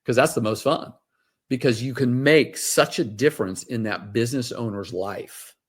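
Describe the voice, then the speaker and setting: A middle-aged man talks through client stories as a guest, circling back on himself with fillers and restarts. His pitch climbs when he gets excited about the story. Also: normal speed, husky. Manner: rambling, animated storyteller with many fillers. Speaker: wealth advisor guest. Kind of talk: casual interview storytelling.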